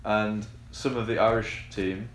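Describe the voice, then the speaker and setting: A man's voice: lowish voice, steady tone, a little slow, echoey room, slight background noise. A young man telling a long anecdote in casual chat, rambling with fillers and restarts. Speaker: podcast co-host telling a story.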